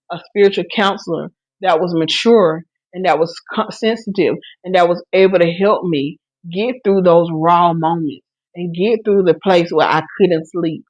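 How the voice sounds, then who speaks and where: A woman's voice: lowish voice, darkish tone, no echo, highs cut off. Woman preaching in a dry, close sound. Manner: earnest, repetitive preaching cadence with many restarts; speaks to listeners directly with encouragement. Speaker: podcast host on a live stream. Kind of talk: preaching testimony.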